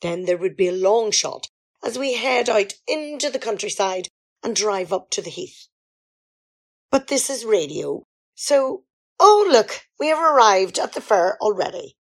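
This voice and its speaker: A woman's voice: mid-range voice, lively intonation, unhurried, darkish tone. A woman in an amateur radio comedy sketch, playing a grand diva singer who talks in a theatrical, self-important way.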